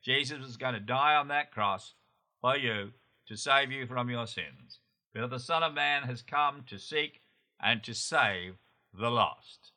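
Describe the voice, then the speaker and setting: A male pastor delivers a sermon in an earnest, urging manner. His voice has a very bright, forward tone at a middle pitch. He leads a prayer slowly, line by line. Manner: earnest, exhorting, repeats prayer lines slowly. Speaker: pastor, show host.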